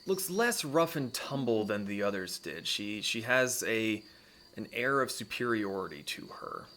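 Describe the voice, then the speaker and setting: A man's voice: fairly low pitch, lively intonation, sharp tone. Man narrating as game master. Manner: descriptive, measured narration with fillers. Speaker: dungeon master.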